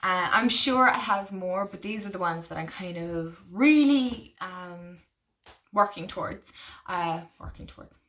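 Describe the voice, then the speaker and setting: A woman chatting casually on her vlog, gushing and excitable, full of fillers and restarts. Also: lowish voice, measured pace, recorded from a distance. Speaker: tarot vlogger. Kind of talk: casual chat.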